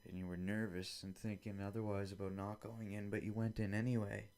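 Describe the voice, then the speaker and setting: Low-voiced man rambling on a podcast. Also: level tone, brisk, a little mellow. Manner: rambling, acts out both sides of imagined dialogues; casual and profane. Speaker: podcast host. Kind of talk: solo podcast monologue.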